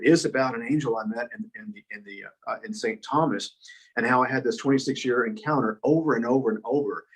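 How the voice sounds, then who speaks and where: A man's voice: medium pitch, slightly rough, low-quality recording. A man guest speaker and author telling personal stories in an earnest, rambling way, with frequent restarts. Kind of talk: conversational storytelling.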